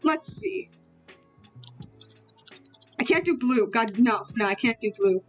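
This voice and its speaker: A woman's voice: on the high side, expressive, takes it slowly, faint music behind. A young woman chatting casually while she draws, rambling, giggling and using slang. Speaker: artist streaming while drawing. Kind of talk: casual chat while drawing.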